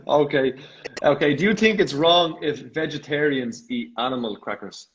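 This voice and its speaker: A man hosting a casual live video call interview, laughing often and firing off quick playful questions. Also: on the high side. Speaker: host. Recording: slightly dull video call audio.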